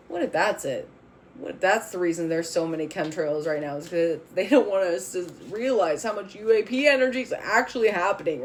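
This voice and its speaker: A woman's voice: mid-range voice, slight background noise. A woman reading tarot cards on a spiritual vlog, speaking bluntly and with fiery emphasis, swearing freely as she makes bold declarations. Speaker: tarot reader.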